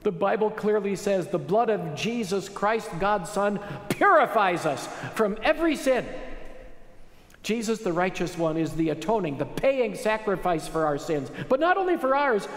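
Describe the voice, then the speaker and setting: A man preaching a sermon as pastor, with animated, emphatic rises on key phrases. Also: sits high, moderate pace. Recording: echoey hall with long reverb.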